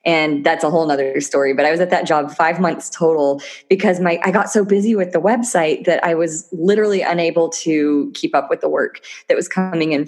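Woman, podcast guest, somewhat low voice, chatty, enthusiastic, casual interview. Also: darkish tone. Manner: chatty and enthusiastic, laughs often. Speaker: podcast guest, physical therapist turned entrepreneur.

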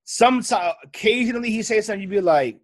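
Animated slangy man telling stories. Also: high-pitched, fast talker. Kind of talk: casual chat.

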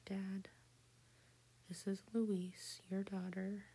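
A woman's voice: medium pitch, little pitch movement, drawn-out words, warm tone, full character voice. A woman whispering the lines of a blunt young daughter in a whispered role-play. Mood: plain. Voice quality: breathy whisper.

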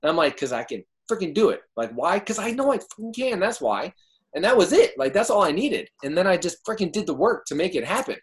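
A man talking as a guest in a casual interview, excitable and quick to swear, with big jumps in pitch when fired up. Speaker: podcast guest, entrepreneur.

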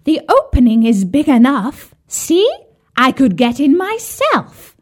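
A woman's voice: high-pitched, very animated, slow, pitched above the performer's own voice, exaggerated voice. A woman putting on a wicked old witch. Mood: scolding. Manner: jeering, cackling and bossy. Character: wicked old witch who eats children.

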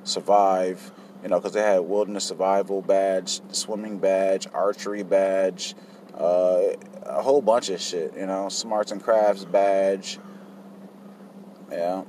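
A man's voice: low-pitched, flat delivery, takes it slowly, dark tone, a little hiss or hum. A man telling his childhood story in a casual, profane, reflective way. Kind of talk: personal life story.

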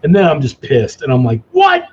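Middle-aged man telling animated stories. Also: medium pitch, fast, breathy edge, dull audio. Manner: animated, self-mocking anecdotes with restarts. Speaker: cigar company guest. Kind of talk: casual storytelling chat.

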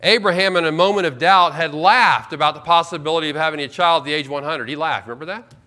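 A man preaching a sermon as pastor, emphatic, slowing right down to stress key words. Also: on the high side, bright, forceful tone. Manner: emphatic, with slow drawn-out stresses.

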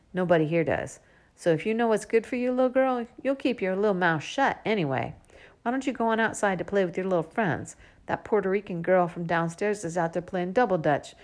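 A brash uncle bosses and teases his niece in loud, streetwise talk, as a woman reads him out in a storybook. His voice sits fairly low. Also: lightly acted. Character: brash joking uncle, adult man, bossy.

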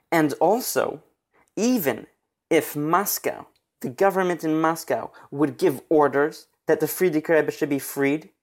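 A man narrating a religious history story in an earnest, steady retelling. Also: a little high.

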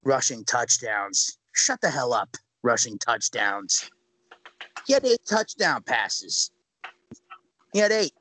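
A young man co-hosting a sports podcast, ranting loudly with sudden jumps in pitch. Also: sing-song, takes it slowly, pauses often, dry recording, rough recording. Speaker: podcast co-host.

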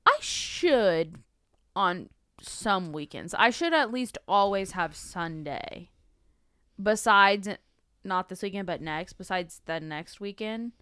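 A woman's voice: mid-range voice, expressive, takes it slowly, sharp tone, clear, resonant tone, no room sound, clean studio sound. A young woman, a college student and the host's sister, chatting casually as a guest with a teasing, sarcastic edge. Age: young adult. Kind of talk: casual chat.

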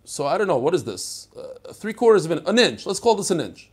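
A man's voice: on the high side, big pitch swings, a little fast, husky. An older man teaching a daily Talmud class, chatty and digressive, mixing Hebrew and Yiddish terms into his talk. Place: study hall.

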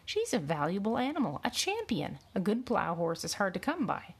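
A woman's voice: mid-range voice, huge pitch swings, moderate pace, slightly rough, heavily acted. A woman voicing a dismissive male official in a suit who speaks curtly and scoffs. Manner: curt, scoffing.

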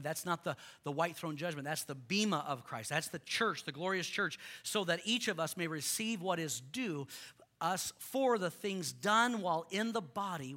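A male pastor preaching a sermon to a congregation, impassioned, swinging from loud rallying lines to quiet earnest ones. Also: a little high.

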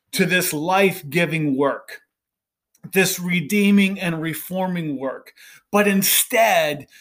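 A middle-aged man delivers a podcast monologue in a slightly raised voice. He speaks slowly and earnestly, with a preachy tone, and often pauses to ask "right?". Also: sits high. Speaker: podcast host.

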